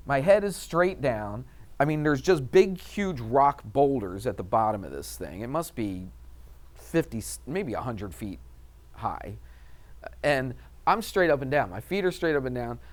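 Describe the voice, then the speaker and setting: A man teaching a math class, asking the students questions and telling a personal story in a chatty way. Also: mid-range voice. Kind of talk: classroom lecture with anecdote.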